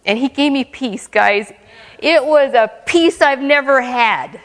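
A woman with a somewhat high voice tells her mission testimony in an animated, humorous way, laughing often as she goes. Her voice rings with the long reverb of a church hall. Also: slow pace. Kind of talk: lively testimony talk.

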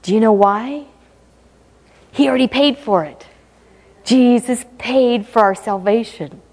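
A woman's voice: fairly high pitch, unhurried, darkish tone. A woman preaching a sermon in a conversational, emphatic way, with playful asides. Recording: long reverb of a hall.

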